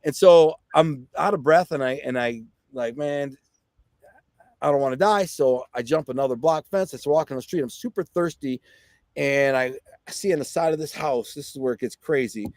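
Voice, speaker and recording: A middle-aged man from Detroit recounts a story as a podcast guest. He speaks casually, leans on fillers and acts out what others said. His voice sits at an everyday pitch, recorded close and dry. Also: normal speed, no room sound. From Detroit, USA. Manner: vivid, excited storyteller who acts out quotes; conversational, with frequent fillers and "right?".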